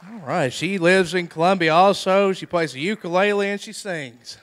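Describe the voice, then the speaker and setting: A man's voice: sits high, normal speed, a bit bright. A man hosting a liar's contest, introducing contestants in easygoing, joking banter. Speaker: contest host. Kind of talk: casual emcee banter.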